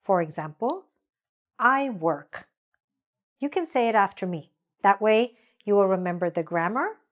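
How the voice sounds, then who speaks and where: Slow, patient woman teaching English grammar. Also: mid-range voice, expressive. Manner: slow, patient, spells out examples slowly for repetition. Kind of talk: grammar lesson with repeat-after-me drills.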